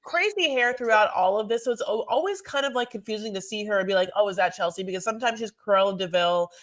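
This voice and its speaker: A woman's voice: medium pitch, quick pace, fairly bright tone. A woman co-hosting a podcast, recapping a reality show in chatty casual talk full of fillers and wry asides. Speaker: podcast co-host.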